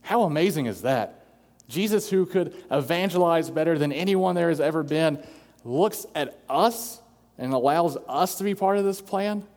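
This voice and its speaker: A man's voice: a little high, animated, moderate pace, a little mellow. Man preaching in a reverberant hall. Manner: earnest preaching, acts out quoted voices. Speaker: pastor. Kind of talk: sermon.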